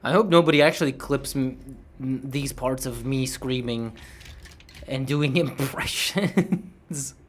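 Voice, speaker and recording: A man's voice: mid-range voice, takes it slowly. A man chatting casually on a livestream, laid-back, swearing and tripping over words.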